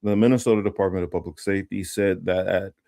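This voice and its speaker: A man with a lowish voice hosting a casual political livestream. He rambles with lots of ums and restarts, breaking off to read news items aloud. The sound is dry and close, with no room around it. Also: fairly even intonation, fast, gravelly, dark tone, no room sound. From Los Angeles area. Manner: rambling, many fillers and restarts; reads news text aloud. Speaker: political commentary host.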